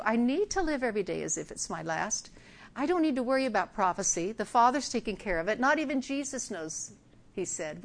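A woman's voice: mid-range voice, creaky, fairly bright tone. An older woman giving a conversational sermon, acting out Bible scenes with humor. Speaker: preacher.

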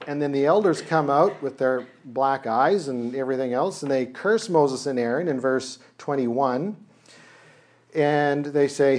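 A man's voice: mid-range voice, measured pace, a little mellow. A man preaching a casual sermon, conversational, acting out dialogue with humor. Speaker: pastor.

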